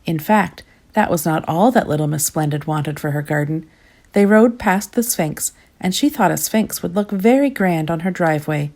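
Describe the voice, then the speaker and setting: A woman reading a children's storybook aloud in a gentle, expressive storytelling manner. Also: lowish voice, moderate pace. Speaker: storybook reader.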